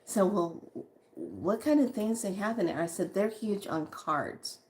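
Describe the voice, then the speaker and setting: A woman's voice: medium pitch, sing-song, unhurried, darkish tone, a little hiss or hum. Chatty woman telling a story. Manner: chatty, laughs often, quotes others in voices. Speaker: spiritual vlogger. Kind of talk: casual storytelling chat.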